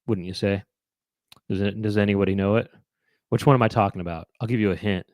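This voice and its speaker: A man's voice: lowish voice, steady tone, fast, a little mellow, dry recording, studio quality. A man hosting a live online chat show, musing aloud to viewers in a rambling way, with many fillers and restarts. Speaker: host.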